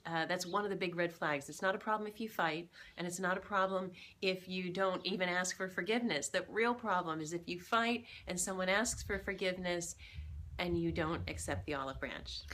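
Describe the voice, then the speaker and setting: A woman's voice: on the low side, steady tone, moderate pace, bright, forceful tone, slight background noise. A woman co-hosting a relationship tip video, explaining in an upbeat, casual way with fillers and frequent laughs. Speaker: relationship coach co-host. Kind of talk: casual instructional chat. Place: indoors, home kitchen demonstration.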